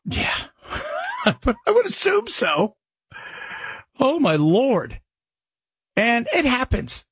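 A man's voice: extremely high pitch, huge pitch swings, drawn-out words, a bit bright, breathy edge. A man hosting a talk radio show, rambling conversationally between topics and reading sponsor spots himself. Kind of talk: casual radio talk and live reads.

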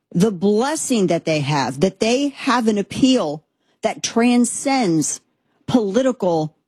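A woman in her thirties or forties hosting a commentary show, talking in an animated, sarcastic and rambling way with many restarts. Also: a little high, husky, dry recording. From Texas, USA. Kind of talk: opinionated monologue commentary.

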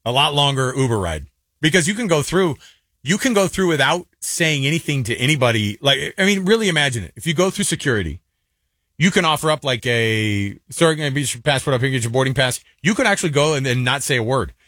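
A married man co-hosting a casual chat show, talking quickly in a joking way with lots of fillers. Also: mid-range voice, expressive, fairly bright tone, dry recording, studio quality. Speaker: co-host.

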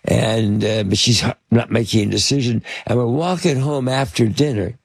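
Speaking at normal speed, this older man has a creaky voice with a breathy edge, captured in a dry recording. As an interview guest he wanders through an anecdote, hesitating and restarting with plenty of fillers, and his pitch leaps suddenly whenever he acts out a quote.

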